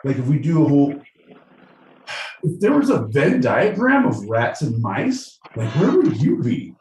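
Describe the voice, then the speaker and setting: Brief: man putting on a spaced-out surfer bro, rambling and high-pitched, roomy distant mic. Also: huge pitch swings, a little slow, a little mellow, a little hiss or hum. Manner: rambling, spaced-out, stoner drawl with bro slang. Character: dazed surfer dude contestant from the west coast, young man. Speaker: podcast co-host.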